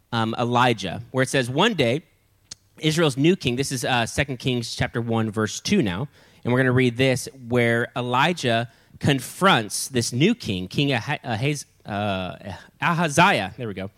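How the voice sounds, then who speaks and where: A man preaching a sermon as pastor, reading scripture aloud in a lively way and acting out the characters' lines. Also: medium pitch.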